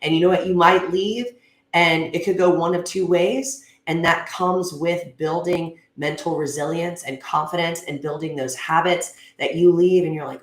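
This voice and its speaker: A woman's voice: lowish voice, steady tone, moderate pace. A woman giving an earnest, conversational motivational talk at a gym, with frequent fillers like "you know" and "um.". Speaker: gym speaker. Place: gym class space. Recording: echoey room.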